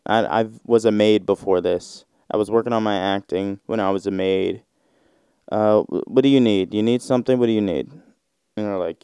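A man hosting a comedy podcast, talking through a loose monologue and acting out short skits with quick voices and plenty of swearing. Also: lowish voice, animated, warm tone, smooth, dry recording, clean studio sound. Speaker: podcast host.

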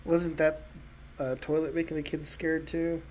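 A man in casual group chat, hesitant and filling pauses with uh. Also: a little high, flat delivery, a little mellow. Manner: hesitant, many uh fillers.

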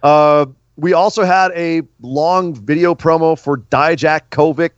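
A man's voice: on the high side, steady tone, measured pace, no room sound. Chatty man, dull dry recording. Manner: chatty, repeats words when starting. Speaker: podcast co-host. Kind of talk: casual wrestling talk.

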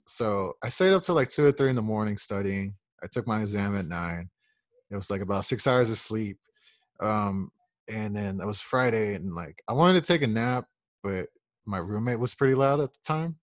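A man's voice: fairly low pitch, animated, normal speed, dry recording, clean studio sound. A young man from Oklahoma, co-hosting a podcast and telling a long, rambling story full of swearing and acted-out quotes. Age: young adult. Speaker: podcast co-host. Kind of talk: casual storytelling.

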